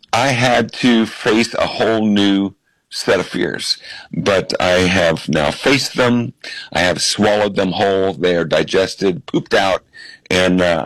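Low-voiced man telling animated stories. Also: dry recording, low-quality recording. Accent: American. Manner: animated storyteller who acts out quotes. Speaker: guest, comedian and impressionist. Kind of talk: interview storytelling.

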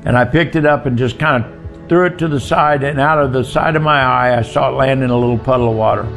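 A man's voice: medium pitch, fast, gravelly, a bit bright, faint music behind. An older man telling his personal testimony in a folksy, plainspoken way.

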